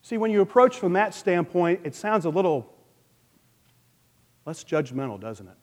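Male pastor, fairly high voice, playful animated preaching, long hall reverb. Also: moderate pace. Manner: animated, playful asides with sound effects. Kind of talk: sermon.

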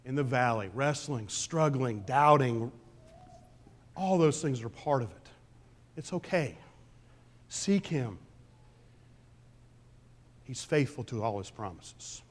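A pastor preaching a conversational sermon, swinging between loud emphasis and quiet asides. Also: male voice, medium pitch. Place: church sanctuary.

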